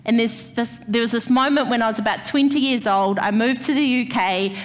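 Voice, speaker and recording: A woman preaches in a church hall, her fairly high voice trailing off into a long reverb. She tells her own stories and puts questions straight to the people in front of her, as if chatting with them. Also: fairly quick. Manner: personal storytelling, addresses the congregation directly. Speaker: church speaker. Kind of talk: sermon.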